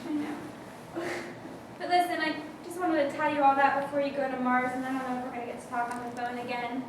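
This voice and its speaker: Woman playing a sugary spy mom, very high voice, fumbly and giggly, far off in a big echoey room. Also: little pitch movement, fast, noisy background, lightly acted. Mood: scheming. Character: scheming mother who is a German spy. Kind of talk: live improv comedy scene.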